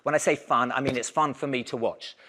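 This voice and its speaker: A man giving a conference keynote, talking in a lively, conversational way and raising his voice to give the audience instructions. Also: medium pitch, a little fast. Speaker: keynote speaker.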